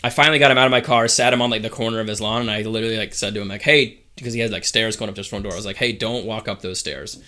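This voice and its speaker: A man's voice: fairly low pitch, fairly even intonation, very fast, hardly any pauses, sharp tone. A young man co-hosting a podcast, telling a story in a laid-back way, swearing freely and filling with "like". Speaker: podcast co-host. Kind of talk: casual chat.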